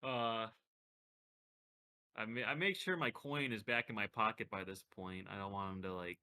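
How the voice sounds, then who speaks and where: A male tabletop player with a lowish, bright-toned voice. He talks through his moves in a relaxed, joking way. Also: moderate pace. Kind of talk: tabletop role-play.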